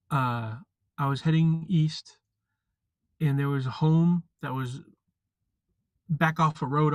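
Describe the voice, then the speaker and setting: A man's voice: fairly high pitch, no room sound, highs cut off. Guy rambling on a live stream, lots of ums and restarts, dry close sound. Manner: rambling, halting, many fillers and restarts. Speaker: vlogger. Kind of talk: casual live chat.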